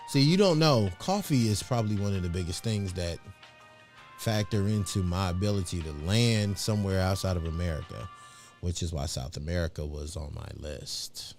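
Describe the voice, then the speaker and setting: A man's voice: low voice, moderate pace, a little mellow, soft background music. A middle-aged man hosting a live show, chatting in a rambling, slangy way with lots of fillers. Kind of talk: casual livestream chat.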